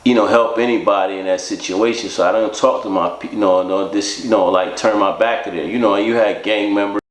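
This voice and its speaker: A man's voice: lowish voice, fairly even intonation, brisk. Man telling his story in an echoey room. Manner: rambling, fills with "you know" and "man", acts out both sides of quoted talk. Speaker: storyteller recounting his own life. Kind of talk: casual spoken storytelling.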